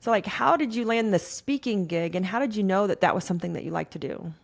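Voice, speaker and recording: A woman's voice: medium pitch, animated, fast, creaky. A woman hosting a podcast interview, upbeat and casual, with some hesitant fillers. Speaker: podcast host.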